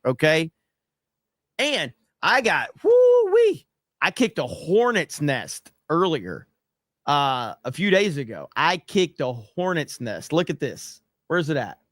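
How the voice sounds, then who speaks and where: A man's voice: a little high, a bit bright, dry recording, studio quality. Brash, profane man reading super chats. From United States. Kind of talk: casual livestream chat.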